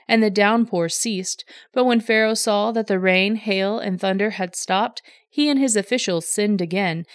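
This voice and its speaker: Woman reading the bible out loud, steady pace, no room sound. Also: mid-range voice, no echo, studio quality. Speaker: scripture reader.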